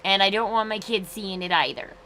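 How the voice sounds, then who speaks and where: A woman's voice: medium pitch, steady tone, brisk, sharp tone, a little hiss or hum, low-quality recording. A woman in her thirties hosting a casual livestream, chatting in a rambling way with frequent restarts. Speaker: livestream host.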